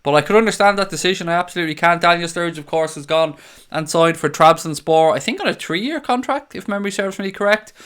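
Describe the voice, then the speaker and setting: A man's voice: high-pitched, quick pace, a bit bright, clean tone. A young Irish man hosting a live fan stream, chatting casually, blunt and sweary, reading out viewers' comments. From Ireland. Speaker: fan channel host reading live chat.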